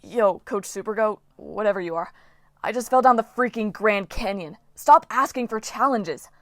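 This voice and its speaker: A wisecracking teenage boy, voiced by a woman reader, sarcastic and fed up. His voice stays close to her own, only a bit louder. The sound is dry and close to the mic. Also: medium pitch, lively intonation, moderate pace, dry recording, lightly acted. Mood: exasperated.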